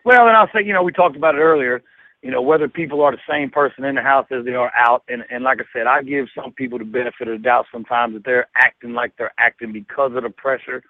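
A man's voice: medium pitch, fairly even intonation, quick pace, dry recording. Rambling Southern man on a phone line. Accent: Southern US twang. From Florida. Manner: rambling, chatty storyteller with many fillers. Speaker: guest. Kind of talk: casual chat. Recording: dry, phone-like call-in line.

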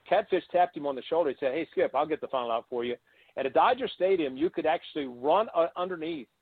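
Older man, interview guest, storytelling, quotes people in lively voices, slightly high voice, tinny phone-line sound. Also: fast, breathy edge, dry recording. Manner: animated anecdotes, acting out quoted voices. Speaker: guest, former baseball catcher.

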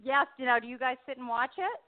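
A woman hosting an interview, friendly and quick to react with laughs and short replies. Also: sits high, animated, no room sound. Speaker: interview host. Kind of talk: casual interview chat. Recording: tinny dry phone line.

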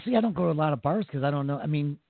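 Brief: lively, rambling male co-host with a swinging pitch, tinny lo-fi audio. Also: very fast, vocal fry, slight background noise. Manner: rambling, animated, swears freely. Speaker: radio show co-host. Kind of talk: casual talk radio banter. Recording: tinny phone-like sound, dry.

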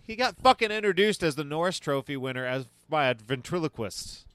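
A man co-hosting a casual sports podcast, profane and jokey, getting excited as he talks. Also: fairly high pitch, a little fast, smooth, dry recording. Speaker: podcast co-host.

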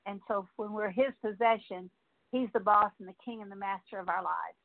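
A woman's voice: mid-range voice, a little fast. An older woman Bible teacher, earnestly teaching and then leading a repetitive prayer of confession and deliverance. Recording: tinny phone-like sound.

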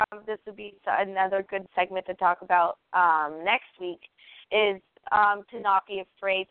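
A woman's voice: medium pitch, clear, resonant tone, dry recording. Agreeable woman host, casual chat, tinny phone-like dry line. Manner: agreeable, many "yeah" and "um" fillers. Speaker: podcast host.

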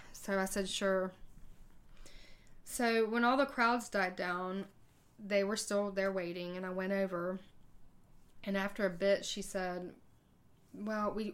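This podcaster, a woman, tells a personal anecdote casually and acts out the exchanges with faltering pauses. Her pitch is medium and her tone stays steady.

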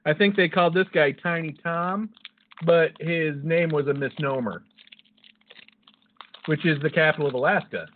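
On lo-fi, phone-like audio with a little hiss or hum, a male podcast co-host rambles through a story in casual conversation. His voice is a little high, his speed normal, with long pauses. He curses constantly and cracks himself up with his own jokes.

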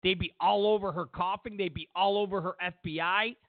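A man's voice: sits high, fairly even intonation, fairly quick, no echo. A man hosting a political commentary show, mocking and sarcastic, repeating lines for emphasis. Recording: tinny phone-like sound.

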